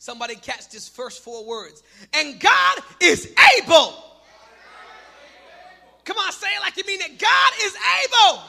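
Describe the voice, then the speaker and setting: A man preaching a sermon, shouting in bursts and then dropping to quiet prayer. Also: very high voice, sing-song, a little slow, gravelly, pauses often. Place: church hall. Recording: long hall reverb with music behind.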